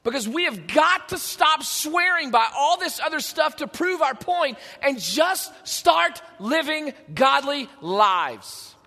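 A man preaching a sermon in a conversational, animated way, with joking asides to his congregation. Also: very high voice, slow, hardly any pauses, in a large hall. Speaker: pastor. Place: church sanctuary.

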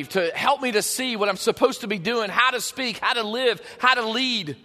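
A man preaching a sermon, emphatic and passionate, stacking repeated phrases and dropping from loud to hushed. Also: high-pitched, in a large hall. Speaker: pastor.

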